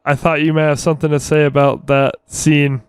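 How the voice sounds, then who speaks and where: A man's voice: a little high, level tone, fairly quick, clear, resonant tone, no room sound, studio quality. A man co-hosting a podcast in casual chat, swearing freely and laughing a lot. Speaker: podcast co-host.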